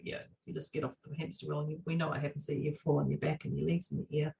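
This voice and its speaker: A woman's voice: low voice, steady tone, fast talker, gravelly, dark tone, distant mic. A woman co-hosting a casual chat podcast, talking animatedly and acting out the voices of people she quotes, with frequent laughter. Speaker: podcast co-host.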